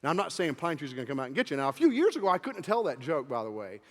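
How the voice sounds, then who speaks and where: A man with a fairly high, lively voice tells a joke during a motivational talk at a live event. He talks in an animated storytelling way, and his words ring with the long reverb of an event hall. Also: very fast. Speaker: motivational speaker.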